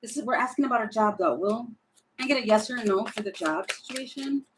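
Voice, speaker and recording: Woman doing a live tarot stream, kinda high voice, rambly and sorry-sounding. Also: expressive, fairly quick, a little hiss or hum, low-quality recording. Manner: chatty, apologetic, thinking aloud. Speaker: tarot reader.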